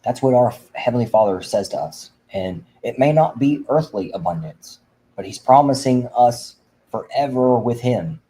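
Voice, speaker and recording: A man's voice: medium pitch, expressive, normal speed, dark tone, poor audio. A man hosting a livestream for veterans, preaching fervently and rambling with frequent restarts. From Indiana. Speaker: veteran advocate host. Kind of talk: livestream talk.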